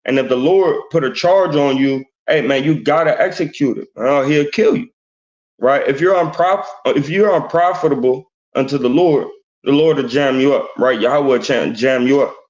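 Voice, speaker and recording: A man reading scripture verses slowly and then explaining them in casual street talk, teaching a group. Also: medium pitch, a little mellow. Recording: roomy, dull lo-fi sound.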